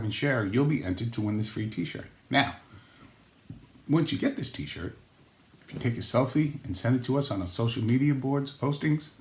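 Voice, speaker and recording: Man, vlog host, jokey and rambling, mid pitch, roomy echo. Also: darkish tone. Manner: jokey, rambling, acts out quotes with pitch jumps. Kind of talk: comedic vlog monologue.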